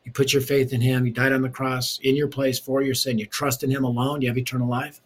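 Husky-voiced man, guest storyteller, mid-pitched, animated delivery. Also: fast. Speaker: ministry leader and author. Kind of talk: storytelling interview.

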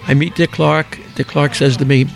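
Interviewed as a guest, an older Philly man spins anecdotes at speed in a slightly high, creaky voice while soft music plays underneath. He acts out the quotes and reels off names like a born storyteller.

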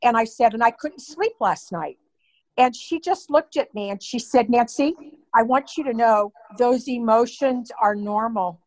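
A woman's voice: on the high side, low-quality recording. An older woman, the host's mother, earnestly recounting a personal story in an emotional way. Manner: earnest, slow, emotional retelling. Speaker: guest, mother of the host.

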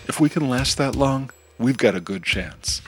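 A man voicing a calm, methodical young superhero who speaks in a level, matter-of-fact way. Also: mid-range voice, moderate pace, soft background music, natural voice.

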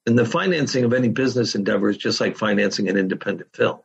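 Gravelly low-voiced man telling stories. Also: rapid-fire, lo-fi sound. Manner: candid, swears freely. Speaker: podcast guest. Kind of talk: casual storytelling.

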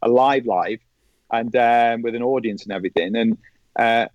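A man's voice: mid-range voice, moderate pace, no echo. A middle-aged man, a former professional golfer, telling anecdotes in a casual chat and acting out the voices of the people he quotes. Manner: animated storyteller who acts out quoted voices. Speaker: podcast guest, former pro golfer. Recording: dry, slightly dull lo-fi sound.

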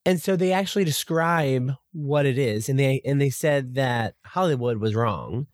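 A speaker in a casual book review chat, enthusiastic and quick to agree. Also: mid-range voice, no room sound, studio quality.

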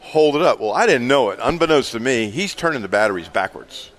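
A man's voice: medium pitch, animated, brisk, a bit bright. A man, co-hosting a radio show and telling a funny story in casual chat, laughing often. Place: live remote broadcast at a store.

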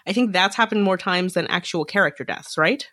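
A woman's voice: fairly low pitch, brisk, bright, forceful tone, no room sound, studio quality. A woman co-hosting a podcast in casual chat, speculating and hedging as she thinks aloud. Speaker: podcast co-host.

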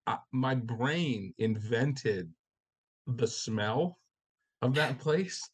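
A man co-hosting a casual podcast chat about a TV episode, animated and swearing freely, acting out the characters' reactions. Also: medium pitch, drawn-out words, breathy edge. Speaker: podcast co-host.

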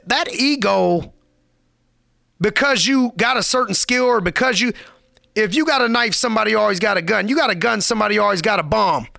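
A man's voice: sits high, gravelly, bright, forceful tone, dry recording, studio quality. A man giving a motivational podcast monologue, preachy and emphatic, repeating lines for effect in casual street slang.

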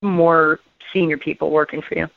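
A woman's voice: low voice, fairly even intonation, moderate pace, creaky, no room sound. A woman hosting a radio interview, an enthusiastic, upbeat storyteller who chats casually with her guest. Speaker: radio show host. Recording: tinny phone-like line, dry.

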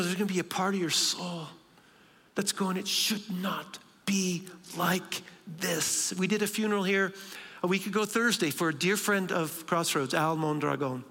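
A man preaching a sermon in a church, moving between soft, slow lines and emphatic bursts. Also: high-pitched. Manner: dramatic pauses, shifting between soft and emphatic. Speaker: pastor. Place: large church sanctuary. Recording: long hall reverb.

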